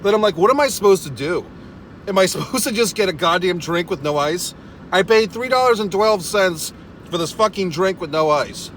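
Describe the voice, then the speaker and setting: A vlogger with a high-pitched, animated voice, a bit bright, talks at normal speed over a little hiss or hum. Sitting in a parked car, he launches into an exasperated comic rant, swearing constantly and laughing at himself as he tells his profane story.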